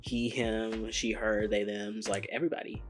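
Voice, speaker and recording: A man's voice: fairly low pitch, little pitch movement, normal speed, faint music behind. Blunt, joking young man reacting to a show. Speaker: reaction video host. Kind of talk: casual reaction commentary.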